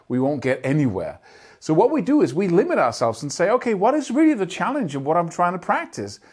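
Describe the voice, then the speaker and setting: A guitar teacher talks to camera, explaining picking technique earnestly and emphatically and often sounding out rhythms with syllables. His voice is on the high side with a darkish tone.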